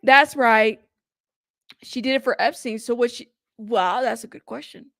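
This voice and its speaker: A woman hosting a casual live stream, chatty and playful, reading viewer comments aloud and giving shout-outs. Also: a little high, measured pace, gravelly, no room sound, clean studio sound. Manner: playful, teasing. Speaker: livestream host.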